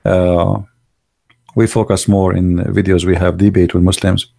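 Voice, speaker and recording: Blunt man, gravelly voice. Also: low-pitched, level tone, unhurried, mellow. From Arab world. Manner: blunt, emphatic, fires rhetorical questions; broken, non-native grammar. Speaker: online show host. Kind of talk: opinionated livestream monologue.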